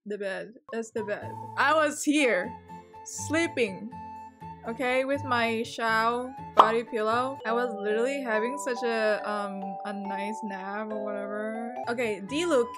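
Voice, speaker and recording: A woman's voice: on the high side, measured pace. A young woman vlogger giving playful, giggly game commentary with dramatic outbursts. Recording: loud background music. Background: loud music.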